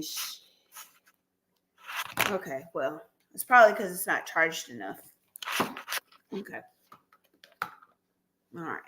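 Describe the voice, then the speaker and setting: A woman's voice: medium pitch, fairly bright tone, a little hiss or hum. A woman hosting a casual live stream, chatty and laughing often, talking aside to her dog.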